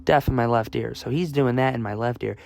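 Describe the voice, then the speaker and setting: Speaking a little fast with vocal fry, this young man from the US has a medium-pitched, darkish voice. In a casual storytelling vlog, he mocks himself through a meandering tale thick with fillers and false starts.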